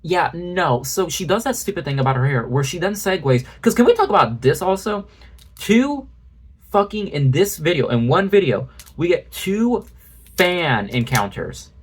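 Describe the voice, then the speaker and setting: A man's voice: a little high, sing-song, moderate pace, breathy edge. A man doing a ranting commentary video, sarcastic and exasperated, with frequent swearing. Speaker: commentary YouTuber.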